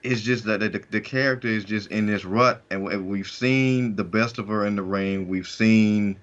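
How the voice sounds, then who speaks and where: A man's voice: lowish voice, normal speed, fairly bright tone. A man co-hosting a wrestling podcast in casual chat, rambling and restarting often as he works through his points. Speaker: podcast co-host. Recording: dull lo-fi recording.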